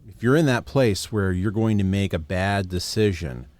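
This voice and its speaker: A man co-hosting a casual podcast conversation, calmly giving practical advice. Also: lowish voice, moderate pace, dry recording. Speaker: podcast co-host.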